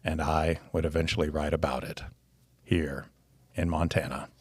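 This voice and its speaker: A man voicing a grave older male author, reading his memoir slowly in a hushed, solemn voice. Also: rumbling low, level tone, breathy edge, dry recording, pitched below the performer's own voice.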